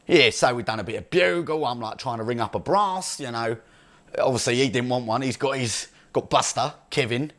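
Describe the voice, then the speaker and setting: A man's voice: mid-range voice, close to an everyday voice. A man playing a brash, crude young male chav from Essex, rambling boastfully in an improvised comedy monologue with an Essex accent. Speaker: comedy character.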